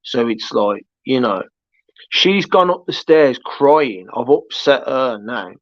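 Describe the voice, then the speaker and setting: Speaking slowly in a mid-range voice with lively intonation, a livestream host winds through a long, casual story, restarting often and wandering into asides. The audio is dull, dry and lo-fi, with no echo.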